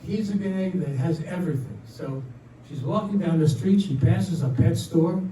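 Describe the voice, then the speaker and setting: A man's voice: on the high side, normal speed, mellow, slight background noise. An older man telling jokes stand-up style, chatty and driving toward each punchline, laughing along at his own jokes. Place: community room at a senior residence. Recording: echoey room, mic at a distance.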